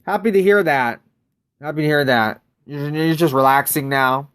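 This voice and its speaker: A man's voice: a little high, normal speed, a bit bright, smooth. An American man chatting casually on a live game stream, greeting viewers by name and wandering through loose, rambling asides. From United States.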